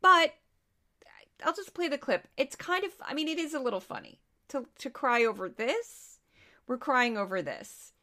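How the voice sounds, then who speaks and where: A woman hosts a podcast, talking through news clips in a loose, sarcastic way. She trails off, restarts, and drifts into asides. Her voice sits a bit high. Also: sing-song, normal speed, sharp tone. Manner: sarcastic, rambling, many restarts. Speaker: podcast host. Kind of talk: casual commentary on news clips.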